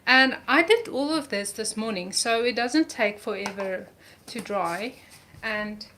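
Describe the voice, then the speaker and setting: A woman's voice: fairly high pitch, a little slow, pushed and bright, slight background noise. A woman teaching a live art journaling lesson, talking through each step as she paints and gushing over colors. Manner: enthusiastic about colors, repeats words.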